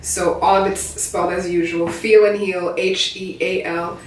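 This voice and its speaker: Animated woman poet in an echoey gallery. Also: lowish voice, a little slow, noisy background. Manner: animated, laughs easily, earnest. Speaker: poet and performer. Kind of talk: casual interview chat. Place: art gallery. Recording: echoey gallery room, distant mic.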